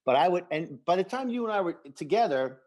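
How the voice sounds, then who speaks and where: A man's voice: high-pitched, expressive, brisk, a little mellow, lo-fi sound. A man co-hosting a casual podcast chat, enthusiastic and acting out quoted lines of dialogue. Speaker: podcast co-host.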